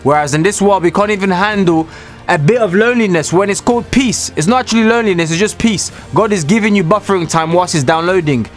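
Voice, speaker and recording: A man's voice: sits high, fast talker, soft background music. Emphatic man preaching to camera. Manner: emphatic and repetitive, addressing viewers directly. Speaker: Christian motivational speaker. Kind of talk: preachy motivational talk to camera. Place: small room, alone.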